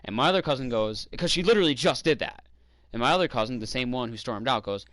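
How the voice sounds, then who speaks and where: A man's voice: medium pitch, quick pace. A man in his twenties chatting casually while gaming, retelling a family argument and acting out his relatives' lines. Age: 20s. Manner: animated storytelling, acts out relatives' lines; swears freely, exasperated. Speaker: streamer.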